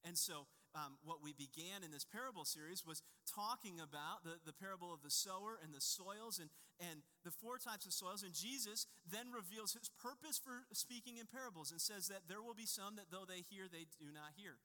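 Bright-voiced pastor in a reverberant hall. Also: male voice, high-pitched, normal speed, hardly any pauses. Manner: conversational storytelling with a personal anecdote. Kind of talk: sermon. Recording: long reverb of a large hall.

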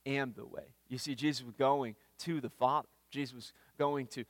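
A man's voice: medium pitch, steady tone, normal speed, dry recording. Earnest man preaching, dry close sound. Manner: earnest, repeats words when starting phrases. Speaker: pastor. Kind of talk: sermon. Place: church.

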